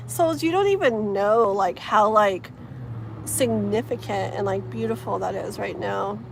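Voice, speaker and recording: A woman with a medium-pitched, creaky voice talks at a moderate pace during an outdoor tarot livestream; there's a little hiss or hum, plus wind and traffic. She gushes over viewer comments as she reads them, filling her casual chat with fillers.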